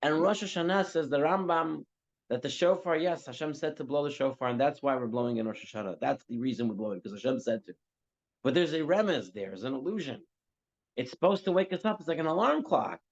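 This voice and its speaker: A man teaching a religious class, telling a parable with lively, acted-out dialogue before drawing the lesson. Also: on the high side, fast. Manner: animated storytelling, acting out characters' lines. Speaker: teacher giving a Torah class. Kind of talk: storytelling sermon. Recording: dull lo-fi class recording.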